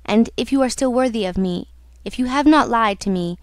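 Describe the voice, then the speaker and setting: A woman's voice: on the high side, fairly quick, no echo, clean studio sound, lightly acted. A woman reading the part of a mysterious hidden male voice, solemn and possessive.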